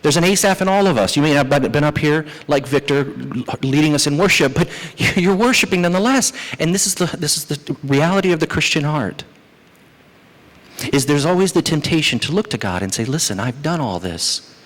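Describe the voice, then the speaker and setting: A male pastor preaching a sermon, lively and animated, who acts out the psalmist's complaints as he goes. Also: a little high, fairly quick. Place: church sanctuary. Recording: church hall reverb.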